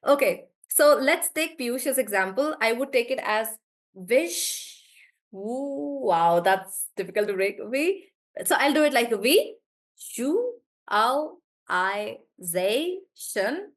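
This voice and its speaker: A woman's voice: a little high, animated, unhurried. A woman from South India with a South Indian English accent, teaching pronunciation in a live online class, encouraging and breaking words into syllables.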